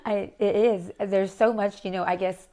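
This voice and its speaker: A middle-aged woman, a podcast guest, talking in a reflective and halting way. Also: medium pitch, level tone, a crowd in the background. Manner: reflective, halting, restarts often. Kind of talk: casual chat.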